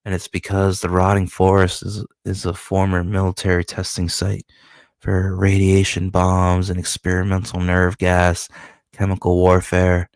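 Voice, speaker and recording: A man, a comic book creator, walking through his comic in profane, animated storytelling. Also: deep voice, moderate pace, no echo, clean studio sound. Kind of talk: casual comic-book walkthrough.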